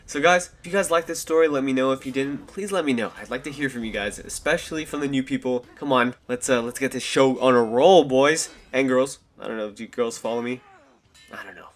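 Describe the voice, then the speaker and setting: A young channel host speaks into a desk USB microphone with a medium-pitched voice, fairly quickly. He tells a story in a casual, rambling way, packed with slang and fillers.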